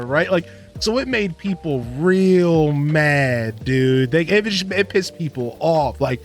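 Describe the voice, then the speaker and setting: A man's voice: fairly high pitch, animated, a little slow, a bit bright, faint music behind. A man streaming a farming game, rambling through a casual story with lots of fillers and laughter. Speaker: gaming streamer. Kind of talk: casual gameplay commentary.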